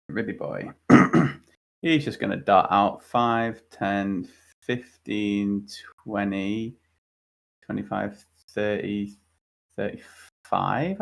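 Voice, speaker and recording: A man with a low voice talks through his turn in a tabletop game. He speaks slowly, with a gravelly fry. His manner is casual and unhurried. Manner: unhurried, counting out moves. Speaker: player.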